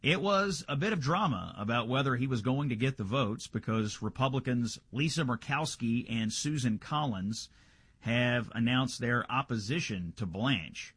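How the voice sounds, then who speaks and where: A man's voice: mid-range voice, expressive, normal speed, fairly bright tone, slightly rough, dry recording. A male radio host giving a conversational political news rundown, checking the Senate floor live, with frequent filler "uh"s.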